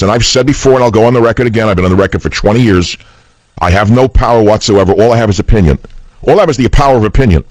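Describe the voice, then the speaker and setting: A man's voice: lowish voice, dry recording, low-quality recording. A man hosting political talk radio, speaking in a combative, scornful and emphatic way.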